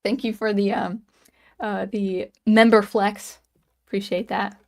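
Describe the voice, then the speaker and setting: Animated woman in her thirties. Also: mid-range voice, measured pace, creaky. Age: 30s. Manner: animated, storytelling with lots of restarts. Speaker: livestream host. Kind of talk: casual livestream chat.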